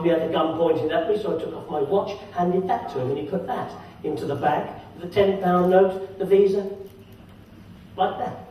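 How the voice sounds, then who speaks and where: A man's voice: high-pitched, warm tone. A man, a magician and comedian, telling a jokey story on stage and chatting with the audience. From England. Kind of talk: stand-up comic storytelling on stage. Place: holiday village entertainment venue. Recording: very echoey hall, distant, crowd noise.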